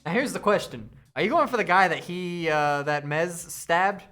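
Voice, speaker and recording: A man's voice: sits high, animated, moderate pace, pushed and bright, soft background music. A man narrating as game master in a casual tabletop session, swearing and laughing often.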